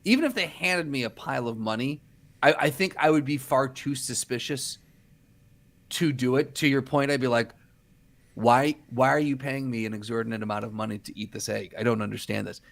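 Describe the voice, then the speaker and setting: A man co-hosting a podcast, talking in a laid-back way and thinking out loud. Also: mid-range voice, fairly quick, vocal fry. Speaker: podcast co-host. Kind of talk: casual chat.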